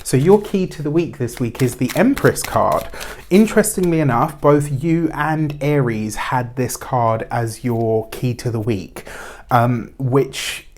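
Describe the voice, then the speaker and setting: A man's voice: medium pitch, measured pace, darkish tone, slight background noise. A man giving a weekly tarot reading in a chatty, rambling way, with spiritual phrasing and frequent fillers. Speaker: tarot reader.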